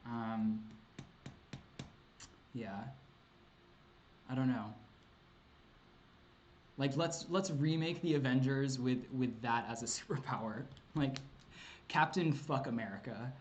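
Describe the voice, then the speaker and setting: A man's voice: mid-range voice, slow, long pauses, slight background noise. A man answering chat questions on a casual livestream, rambling and hesitant with many ums and likes, laughing often and swearing casually.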